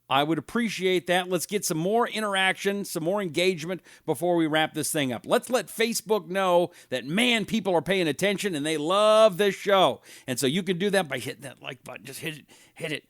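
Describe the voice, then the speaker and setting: A man's voice: sits high, animated, normal speed, a bit bright, no echo, clean studio sound. A middle-aged man hosting a live talk show, telling anecdotes in a chatty way and reading viewer comments aloud. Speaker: radio talk show host.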